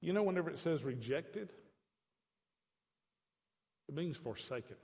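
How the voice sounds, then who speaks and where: High-voiced preacher in a reverberant hall. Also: male voice, animated, a little slow, a little mellow. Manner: conversational preaching with folksy asides, rising to emphatic declarations. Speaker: pastor. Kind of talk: sermon.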